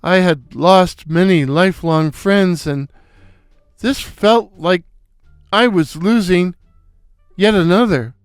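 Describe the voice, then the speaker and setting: An older man narrating a comic story in a wry, unhurried way. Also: sits high, clean tone, no room sound, studio quality, soft background music. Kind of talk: scripted narration.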